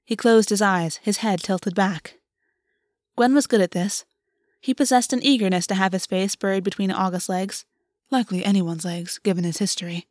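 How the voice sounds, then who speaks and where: A woman narrating a novel in an even, measured audiobook reading. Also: medium pitch, dry recording, studio quality. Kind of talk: scripted narration.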